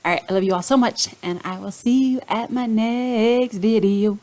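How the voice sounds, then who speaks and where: A woman's voice: a little high, normal speed, a little mellow, low-quality recording. Heartfelt woman talking straight to viewers. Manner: emotional, gets choked up. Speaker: vlogger sharing her faith testimony. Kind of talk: personal testimony vlog.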